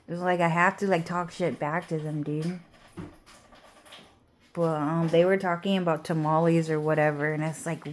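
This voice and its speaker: A woman's voice: deep voice, steady tone, moderate pace, slight background noise. A woman ranting casually into the camera, swearing often and filling her speech with "like" and "dude". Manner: profane, fills speech with "like" and "dude". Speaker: vlogger. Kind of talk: casual rambling rant.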